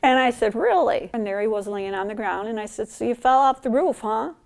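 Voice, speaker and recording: A middle-aged woman calmly recalls family stories in a documentary interview. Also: fairly high pitch, a little fast, clear, resonant tone. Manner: calm, fond storytelling.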